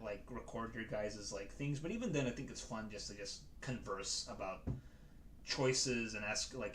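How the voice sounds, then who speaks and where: A man's voice: fairly low pitch, normal speed, fairly bright tone, a little hiss or hum. A man chatting casually to his stream viewers as a dungeon master, rambling and hesitant with many restarts.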